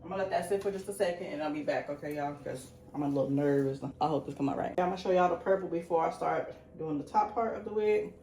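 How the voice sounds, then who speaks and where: A woman's voice: low voice, fast talker, few pauses, warm tone. A woman talks through a wig-dyeing job at home. She is chatty and jittery and keeps laughing at herself. Her voice bounces around a reverberant room, with a light ambient hiss underneath. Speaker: beauty vlogger. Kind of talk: casual talk-along tutorial. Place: indoor room at a sink. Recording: echoey room with faint ambient noise.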